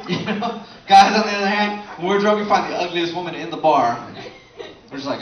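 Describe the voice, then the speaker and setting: A male comedian works a bar venue with a loose, foul-mouthed stand-up set, bantering with the audience and laughing a lot. His voice leans high and his delivery is a little quick. The recording is dull and echoey from a distant mic, with the crowd laughing in the background.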